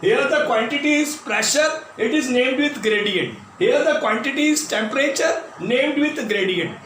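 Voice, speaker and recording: A man's voice: extremely high pitch, animated, normal speed, fairly bright tone. A man teaching physics at a board with an Indian English accent, calling his students "my dear" and repeating key terms. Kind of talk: classroom lecture at a board. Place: classroom. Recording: very echoey classroom, voice from a distance, faint noise.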